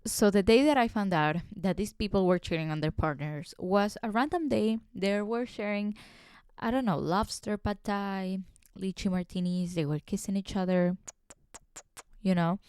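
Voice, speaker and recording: A woman hosting her own podcast, telling work stories in a casual, animated, gossipy way that turns to indignant rants. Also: mid-range voice, normal speed, smooth, no echo, clean studio sound. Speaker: podcast host. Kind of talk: casual solo podcast storytelling.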